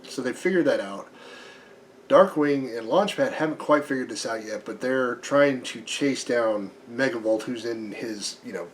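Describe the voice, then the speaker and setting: A man with a slightly hoarse voice giving a casual, chatty comic book review, full of ums and restarts. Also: medium pitch, moderate pace, a little hiss or hum.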